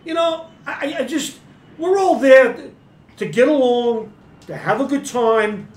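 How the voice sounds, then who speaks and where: A man rants angrily on a podcast and curses at nearly every turn. His pitch jumps around a lot as he circles back over the same complaints. The recording has a roomy echo. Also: lively intonation, a little slow. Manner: profane, heated, repeats himself. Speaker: podcast regular. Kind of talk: angry rant. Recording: echoey room.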